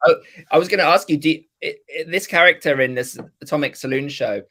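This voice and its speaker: A man's voice: a little high, fast talker, bright, forceful tone. A man hosting a casual interview over a video call, friendly and self-deprecating. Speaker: host, interviewer.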